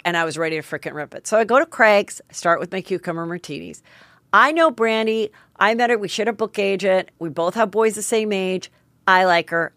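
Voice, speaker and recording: A woman's voice: fairly low pitch, fairly bright tone, no room sound. A middle-aged woman hosting a podcast, telling a story in a candid, chatty, self-mocking way with some swearing. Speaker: podcast host. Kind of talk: casual storytelling monologue.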